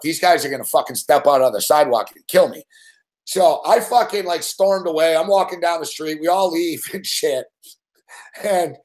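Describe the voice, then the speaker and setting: Youngish guy with a high voice hosting a betting show, swears nonstop, rambles, laughs at his own story. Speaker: sports betting show host. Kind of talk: profane storytelling on a live show.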